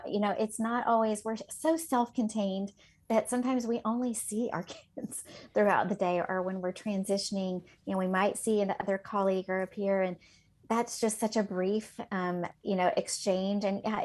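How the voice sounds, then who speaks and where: A woman's voice: medium pitch, steady tone, normal speed, a little mellow. Heartfelt woman teacher telling stories. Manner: heartfelt storyteller, many fillers. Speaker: elementary teacher, podcast co-host. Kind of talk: casual podcast chat.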